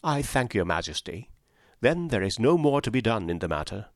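A man's voice: lowish voice, very animated, normal speed, dry recording, clean studio sound. A man voicing a reserved male detective who speaks coldly and formally. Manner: cold, clipped.

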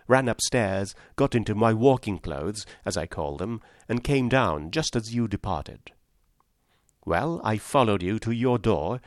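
Brief: a witty, composed young woman in a storybook, read by a man in a low, dry voice. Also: no echo. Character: clever, composed young woman writing a letter.

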